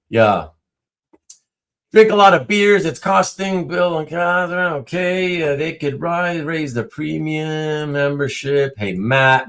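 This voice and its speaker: A man's voice: on the high side, fairly bright tone. A middle-aged man hosting a livestream, chatting casually and rambling through replies to live comments with many fillers and restarts. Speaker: livestream host.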